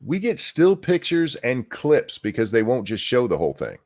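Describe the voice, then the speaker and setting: A man hosting a casual political chat, animated and sarcastic. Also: medium pitch, normal speed. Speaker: host.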